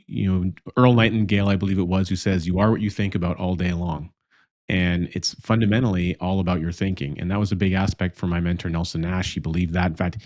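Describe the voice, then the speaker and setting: Deep-voiced podcast host, emphatic. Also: male voice, a little mellow, dry recording, studio quality. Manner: halting restarts, then emphatic. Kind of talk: conversational interview.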